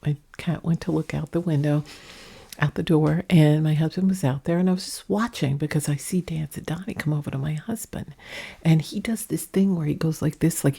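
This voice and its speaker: A woman vlogger talking low and soft at home, rambling through a story in a casual way, with a mic in front of her. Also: gravelly, breathy edge. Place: indoors at home, under a ring light. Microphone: mic set up in front of her.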